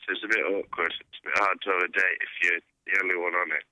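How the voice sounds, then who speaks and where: A man's voice: low voice, steady tone, quick pace, bright, forceful tone, dry recording, rough recording. A young man being interviewed as a guest musician, answering in an easygoing, hesitant way with many fillers. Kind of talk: casual interview.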